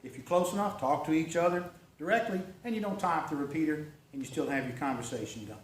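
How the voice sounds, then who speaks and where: A man's voice: fairly high pitch, quick pace, slight background noise. A man giving a folksy, conversational talk at a club meeting, often checking in with "okay?" and "right?". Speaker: club presenter. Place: meeting room. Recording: echoey room recorded from far off.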